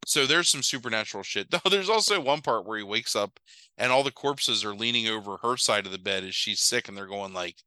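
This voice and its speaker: A man with a somewhat low voice talks a little fast as a podcast co-host, rambling and cursing while he retells a movie's plot with animated quoted voices. There's no room sound, but the recording quality is low.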